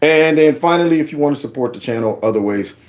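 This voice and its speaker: A man's voice: a little high, animated, fast talker. A man hosting a casual political commentary show, folksy and mocking, with lots of asides. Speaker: show host.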